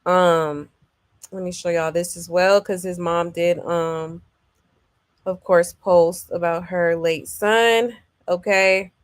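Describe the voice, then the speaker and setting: A woman hosting a celebrity gossip livestream, chatting casually and filling pauses with "um" and "okay". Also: lowish voice, fairly even intonation, clean tone, dry recording, clean studio sound. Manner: loose and chatty, full of "um" and "okay" check-ins; reads viewer comments aloud. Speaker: celebrity gossip show host.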